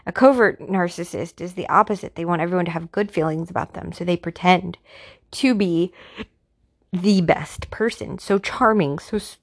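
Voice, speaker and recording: Woman with a low gravelly voice just talking thru her opinions, lots of ums and restarts. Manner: opinionated, halting, with frequent restarts and fillers. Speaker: person sharing personal experience. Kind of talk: casual monologue.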